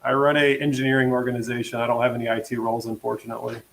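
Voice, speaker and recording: Rapid, matter-of-fact guest. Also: male voice, mid-range voice, completely flat delivery, gravelly, fairly bright tone. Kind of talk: live-stream panel chat.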